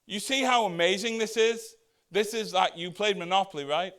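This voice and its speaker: A man with a notably high voice delivers a casual, conversational sermon as pastor. He throws rhetorical questions at the congregation and slips into quick voices for the Bible characters he quotes. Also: a bit bright.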